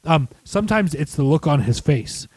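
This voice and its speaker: A man co-hosting a podcast, chatting casually about a movie, animated and swearing, acting out quotes. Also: on the high side, normal speed, no room sound. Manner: animated, acts out quotes in shrieking voices, swears. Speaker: podcast co-host. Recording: dry close-miked home studio.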